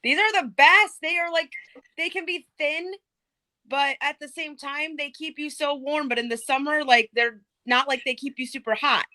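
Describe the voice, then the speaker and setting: A woman co-hosting a casual chat show, talking in an animated, profane way. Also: high-pitched, normal speed, no room sound, rough recording. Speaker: co-host.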